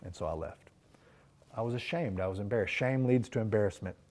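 A man's voice: lowish voice, brisk, a little mellow. A man preaching a sermon, telling personal stories in an earnest, reflective way. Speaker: pastor.

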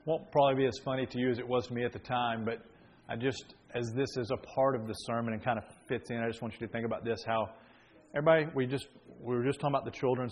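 A man in his thirties preaching as a pastor, telling a family story in a relaxed way and then building into emphatic preaching, often restarting his sentences. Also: mid-range voice, rough recording. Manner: frequent restarts and fillers. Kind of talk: sermon.

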